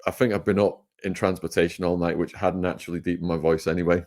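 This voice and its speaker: An English man with a fairly low voice recounts his stories as an interview guest. He talks in an animated way and laughs often as he goes. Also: fairly quick. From England. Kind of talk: storytelling interview.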